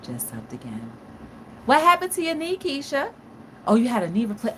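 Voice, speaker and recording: Woman host, lively and high-pitched, unhurried, playful live chat over steady background noise. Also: rough recording. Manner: animated, playful, dramatic exclamations. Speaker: talk show host reading live chat. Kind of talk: casual live-stream chat.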